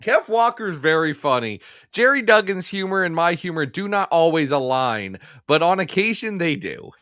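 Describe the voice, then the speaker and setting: A man co-hosting a casual comics podcast, jokey and animated, often dropping into silly quoted voices. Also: fairly high pitch, moderate pace, no echo, studio quality. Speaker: podcast co-host.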